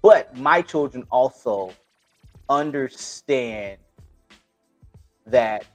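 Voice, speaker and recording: A man talking bluntly in a casual podcast chat, swearing freely and circling back on his own sentences. His voice sits at an ordinary middle pitch, and faint music plays underneath. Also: lively intonation, extremely slow. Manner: blunt, profane, rambling with restarts. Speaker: podcast co-host.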